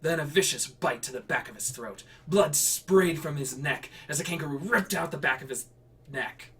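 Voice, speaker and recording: A man's voice: fairly high pitch, moderate pace, a bit bright, distant mic. A man streaming himself writing and reading flash fiction in a casual way, laughing and correcting himself with rambling asides.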